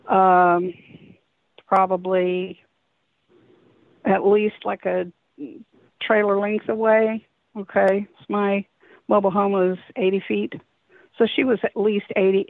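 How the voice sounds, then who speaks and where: Gravelly woman caller on a phone line. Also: medium pitch, dry recording. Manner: hesitant, rambling, many restarts. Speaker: caller recounting an encounter. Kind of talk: phone-in storytelling. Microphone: telephone. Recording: tinny dry phone line.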